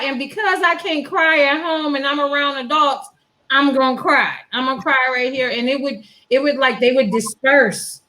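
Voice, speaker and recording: A woman talking frankly in a panel discussion as a breast cancer survivor, animated and acting out the voices of people she quotes. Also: high-pitched, normal speed, rough recording.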